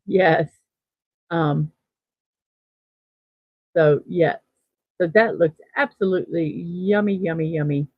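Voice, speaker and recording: A woman's voice: lowish voice, takes it slowly, pauses often, dry recording. A woman hosting a daily morning livestream, chatting casually and reading out viewer comments, upbeat and full of fillers. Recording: tinny phone-like sound, dry.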